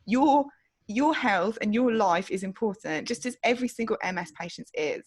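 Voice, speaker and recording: A woman's voice: mid-range voice, animated, moderate pace, slightly rough. A woman co-hosting a podcast in casual chat, blunt and outspoken, swearing freely. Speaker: podcast co-host.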